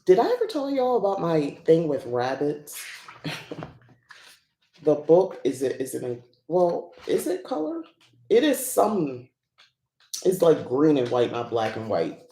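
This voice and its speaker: A woman's voice: deep voice, huge pitch swings, a little slow, long pauses, mellow, echoey room. A woman hosting a casual unboxing chat who rambles and laughs often. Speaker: host.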